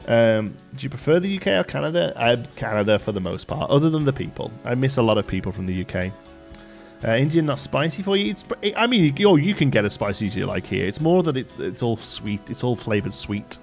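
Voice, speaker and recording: Sing-song and brisk, with vocal fry in his mid-range voice, a live streamer from Staffordshire, England, chats loosely while gaming. He reads chat aloud, rambling with plenty of fillers and restarts, as faint music plays behind.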